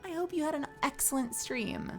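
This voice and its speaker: A woman's voice: high voice, normal speed, gravelly, music in the background. A woman streamer and voice actor chatting casually and playfully with her viewers while sleepy and yawning. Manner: playful and animated, greets viewers. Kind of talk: casual live-stream chat.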